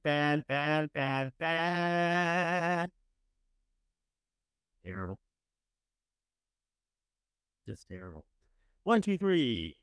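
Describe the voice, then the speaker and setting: A man's voice: fairly high pitch, fairly bright tone, smooth, no echo. Blunt, profane male talk host. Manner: blunt, profane, swings from scornful to gushing. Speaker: morning show host. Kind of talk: opinionated casual commentary.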